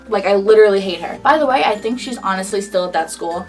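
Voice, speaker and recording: A woman in her early twenties telling a casual storytime, animated and indignant, swearing freely. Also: medium pitch, fairly quick, hardly any pauses, distant mic, soft background music. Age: early 20s. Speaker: vlogger.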